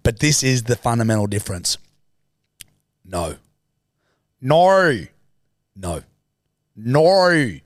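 A man's voice: on the low side, moderate pace, pauses often, no room sound, clean studio sound. A man co-hosting a podcast, joking around in a brash, sweary, casual way. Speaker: podcast co-host. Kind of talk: casual comedic chat.

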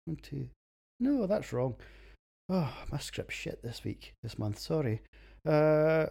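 A man's voice: fairly high pitch, very animated, slow pace, vocal fry, mellow. A Scottish man hosting a beer podcast, reading a casual, crude, self-mocking script and laughing at his own jokes.

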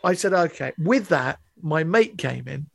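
Male, 50s, animated storyteller, casual and slangy. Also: fairly high pitch, a little slow, gravelly, husky. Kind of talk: casual anecdote telling.

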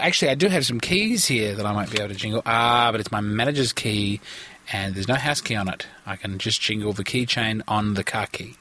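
A man's voice: lowish voice, bright, forceful tone, a little hiss or hum. A tired man hosting a rambling solo comedy podcast from a parked car, with theatrical, pompous mock-indignation.

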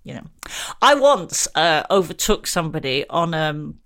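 A woman's voice: low-pitched, very animated, normal speed, fairly bright tone. A middle-aged woman co-hosting a podcast, chatting casually and mocking herself with frequent laughs. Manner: self-deprecating, chatty, laughs often. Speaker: podcast co-host. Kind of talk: casual chat.

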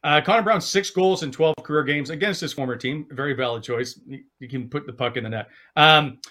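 A man's voice: on the high side, fairly quick. A man hosting a casual sports podcast, telling stories and acting out quotes. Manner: storytelling, animated with quoted voices. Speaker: podcast host.

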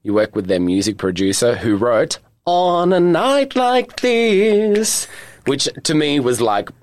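An Australian man in his thirties, a guest in a casual chat, telling stories in a camp, joking, animated way. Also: a little high, no echo. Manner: camp, animated storyteller, quick to joke.

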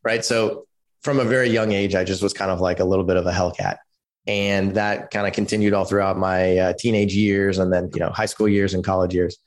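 A man in his forties from California, telling his personal story as a podcast guest in an animated way, acting out quotes and using lots of fillers. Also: low-pitched, fairly quick. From California, USA. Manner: animated storyteller who acts out quotes, many "like" and "you know" fillers.

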